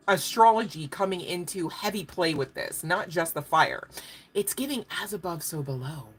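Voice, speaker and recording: A woman's voice: on the low side, lively intonation, normal speed, husky. A woman giving a casual livestream tarot reading, chatty and profane, laughing often. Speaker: tarot card reader.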